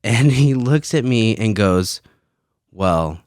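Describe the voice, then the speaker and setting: A man's voice: deep voice, moderate pace, smooth, dry recording, clean studio sound. A man in his thirties hosting a casual solo podcast from his basement, rambling and swearing with frequent laughs. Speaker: podcast host. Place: home basement.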